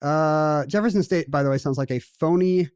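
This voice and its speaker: A man with a slightly higher voice than most, co-hosting a casual chat podcast. He talks in a wry, jokey way and drifts off on tangents. The sound is dry and close, with no room echo. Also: normal speed, darkish tone, smooth. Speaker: podcast co-host.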